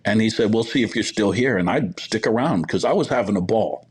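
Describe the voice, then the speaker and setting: A man's voice: on the low side, lively intonation, brisk, darkish tone, breathy edge. A middle-aged man, a podcast guest, telling long work anecdotes in a casual, rambling way full of fillers and quoted dialogue. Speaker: podcast guest, hospitality executive. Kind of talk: casual storytelling interview.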